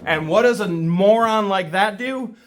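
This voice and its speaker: A man's voice: high-pitched, a little slow. A man vlogging an indignant, scornful rant to camera, repeating himself for emphasis. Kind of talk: ranting commentary to camera.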